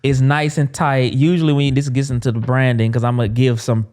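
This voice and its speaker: A man in his thirties, an agency owner, talking casually and with animation about business names, full of quick asides. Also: mid-range voice, flat delivery, a little mellow. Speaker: agency owner and podcast host.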